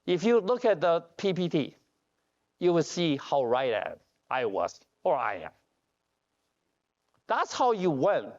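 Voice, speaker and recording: A man giving a joking conference keynote as a company CEO, telling animated stories with broken grammar and restarts. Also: fairly high pitch, measured pace, long pauses. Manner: animated storytelling with jokes; non-standard grammar, restarts. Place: conference hall. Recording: dull lo-fi conference audio.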